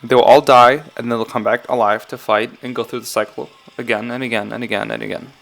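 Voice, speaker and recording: A man's voice: mid-range voice, fairly even intonation, brisk, creaky, a bit bright. A man casually talking through song lyrics line by line in a vlog, rambling, correcting himself and often saying he's not sure. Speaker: YouTuber analyzing game song lyrics.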